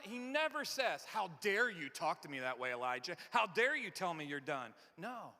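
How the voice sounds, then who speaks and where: A man preaching a sermon in a large church. He talks conversationally and swings from loud, emphatic lines to hushed, near-whispered ones. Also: sits high, very animated, moderate pace, hardly any pauses. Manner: conversational, repeats and restarts words. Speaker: pastor. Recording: long hall reverb.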